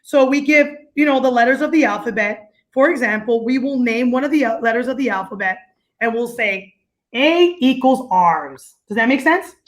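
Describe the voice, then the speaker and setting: An energetic, joking woman on a video call, explaining the dance teaching system she created in a lively, teacherly way. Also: a little high, a little fast. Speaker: guest, dance company founder.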